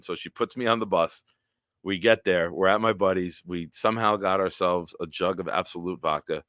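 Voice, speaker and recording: A man hosting a casual live-stream chat, telling stories and acting out other people's lines loudly. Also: low-pitched, a little fast, no room sound, clean studio sound. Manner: animated storyteller, acts out quotes loudly. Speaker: podcast host.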